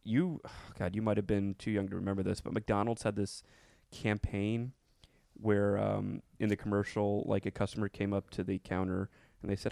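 Male co-host, low and gravelly, dry close mic, joking storyteller. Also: little pitch movement, normal speed, dark tone, dry recording. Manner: joking, storytelling, acts out voices. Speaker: podcast co-host. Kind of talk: casual crude comedy chat.

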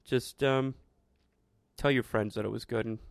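A man's voice: mid-range voice, fairly even intonation, unhurried, creaky, dry recording, studio quality. A man hosting a show, talking through his thoughts in a rambling, reflective monologue with frequent restarts. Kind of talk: casual monologue.

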